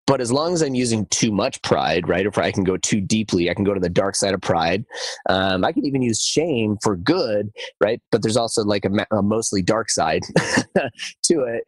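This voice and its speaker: A man with a fairly low voice talks his way through a podcast episode in a relaxed, conversational way. He stumbles and restarts often and acts out quoted lines with shifting intonation. The recording is dry and close, with no room sound. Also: normal speed, slightly rough, no echo. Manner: conversational, many fillers and restarts. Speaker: podcast host. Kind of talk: casual podcast talk.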